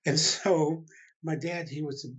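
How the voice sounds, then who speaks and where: An older man, a guest in an interview, telling a long family story with quiet chuckles and quoted voices. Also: on the high side, fairly even intonation, slow, husky, highs cut off. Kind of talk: storytelling in a conversation.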